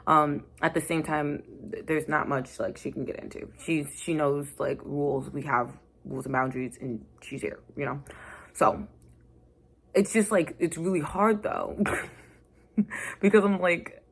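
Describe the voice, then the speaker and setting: A woman's voice: sits low, unhurried, vocal fry, breathy edge. A woman host talking in a casual, frank and rambling way, full of slang, about being a mother. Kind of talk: casual chat.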